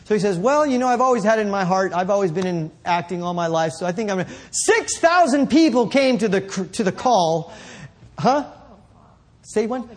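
A male preacher telling a story in a sermon, rambling and correcting himself, building up to shouts. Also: sits high, animated, a little fast.

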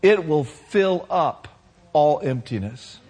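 A man preaching a sermon to his congregation, building to shouted passages and calling for responses. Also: fairly high pitch, animated, takes it slowly, breathy edge. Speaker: pastor.

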